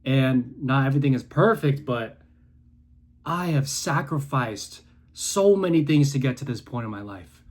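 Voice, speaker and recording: Speaking straight to camera from his room, a content creator in his twenties gives a passionate, preachy motivational monologue. His middle-pitched voice is expressive and a little slow, swinging between hushed, low stretches and intense bursts close to yelling.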